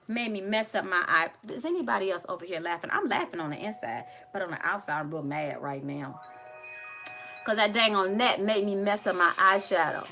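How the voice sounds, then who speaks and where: Casting: chatty woman, makeup tutorial host, bright clear tone, faint music underneath. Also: medium pitch, brisk. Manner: chatty, addresses viewers directly, playful asides. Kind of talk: live makeup tutorial chat.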